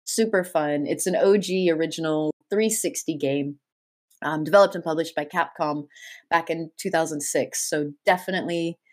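A woman with a slightly low voice, speaking over a video call link. She talks with animated enthusiasm and casual swearing, gushing about favorite games as a podcast co-host. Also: normal speed. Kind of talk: casual chat.

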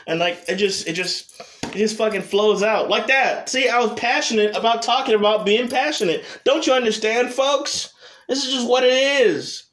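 A young man with a high voice chats alone on his podcast. He rambles, restarts his sentences and swears constantly in an easy, unscripted way. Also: moderate pace, fairly bright tone. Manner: rambling, heavy cursing, restarts. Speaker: podcast host. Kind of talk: solo casual chat.

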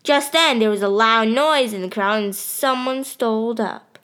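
A woman's voice: on the high side, unhurried, a bit bright, smooth. A woman narrating a story in first person, telling it plainly and steadily.

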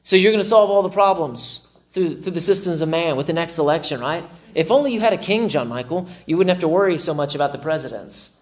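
A man preaching from the pulpit with a voice that sits a little higher than most men's. He is animated and playful, and often voices his own inner thoughts with self-mocking humor. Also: fast talker. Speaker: pastor. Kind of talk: sermon.

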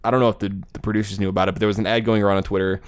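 Fast-talking man, low voice. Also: level tone, clear, resonant tone. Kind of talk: casual chat.

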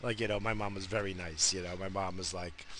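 A man's voice: low voice, brisk, slight background noise. Foul-mouthed New York man telling stories. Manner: heavy swearing, animated. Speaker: solo storyteller. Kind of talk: casual storytelling monologue.

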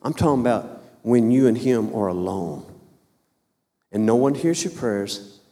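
A man's voice: medium pitch, expressive, unhurried, mellow, big-room sound. A man in his fifties preaching a fervent sermon, repeating and restarting phrases as he builds. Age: 50s.

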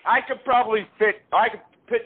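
A man with a slightly high voice rambles through a prank phone call, stumbling over fillers and restarts. He comes through a tinny, narrow phone line. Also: steady tone, fairly quick, slightly rough. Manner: rambling and hesitant, full of fillers. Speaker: prank caller.

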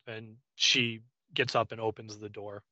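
A man's voice: on the low side, flat delivery, a little slow, bright, forceful tone, no echo, poor audio. A man casually recapping a TV episode scene by scene as a podcast co-host, with frequent ums. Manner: frequent "um"s, loose paraphrase of scenes.

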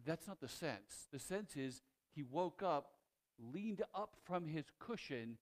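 A male pastor delivers a sermon in a slightly raised pitch. He retells a story with animated energy, often restarting phrases, and moves between loud emphasis and hushed passages. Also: takes it slowly.

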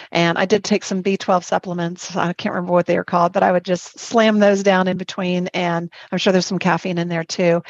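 Animated storytelling woman, dull dry audio. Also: medium pitch, no echo. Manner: animated, laughs often, rushes through lists. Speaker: guest, spiritual life coach and Zumba instructor. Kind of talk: personal storytelling in a podcast interview.

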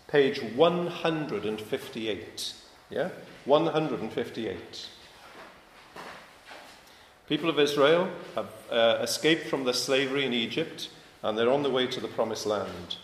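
A man preaching with a lively, swooping voice that asks questions straight to his listeners. His voice rings through a large echoing hall, with a faint murmur of the room behind him. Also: mid-range voice, a little hiss or hum. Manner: conversational, questioning the congregation, emphatic. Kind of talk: sermon. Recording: echoey hall, faint ambience.

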